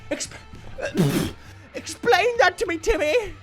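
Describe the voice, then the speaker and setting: A woman voicing a frantic woman who yells at someone named Timmy in exasperation, with a shrill, scolding manner. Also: expressive, takes it slowly, heavily acted. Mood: exasperated. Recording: echoey, distant, loud music behind.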